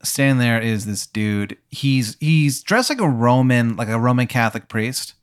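A man's voice: mid-range voice, expressive, normal speed, clean tone. A man narrating a tabletop game as game master, rambling with crude, profane jokes.

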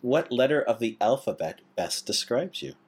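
A man co-hosting a podcast, asking questions in a relaxed, teasing way. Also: mid-range voice, normal speed, slightly rough. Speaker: podcast co-host. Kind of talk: casual chat.

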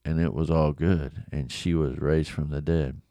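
Slow, smooth-voiced man teaching the Bible. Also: very deep voice, steady tone, mellow, no echo, studio quality. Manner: conversational, acts out quoted voices.

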